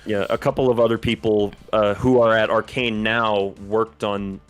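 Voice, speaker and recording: A man co-hosting a podcast in casual chat, talking in a thoughtful, detailed way and pausing to search for names. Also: fairly low pitch, little pitch movement, smooth, soft background music. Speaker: podcast co-host.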